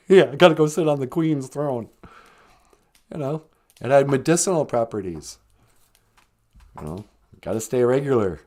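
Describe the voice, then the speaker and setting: A man's voice: medium pitch, lively intonation, moderate pace, long pauses, darkish tone. An older man hosting a live stream, telling chatty stories and laughing often as he talks. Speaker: host. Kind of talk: casual storytelling on a live stream.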